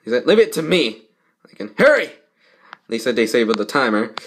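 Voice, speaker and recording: A man's voice: mid-range voice, sing-song, a little fast, fairly bright tone, a little hiss or hum. A young man reading a fan fiction aloud with rambling comments, often jumping into character voices. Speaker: fanfic reader. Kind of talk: casual fanfic read-aloud with comments.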